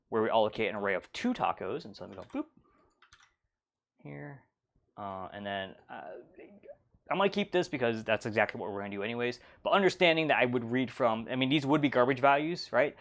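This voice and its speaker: A man's voice: mid-range voice, a bit bright. A man teaching a programming lesson in a casual, loose way, full of fillers and playful sound effects. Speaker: instructor. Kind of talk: casual whiteboard lecture.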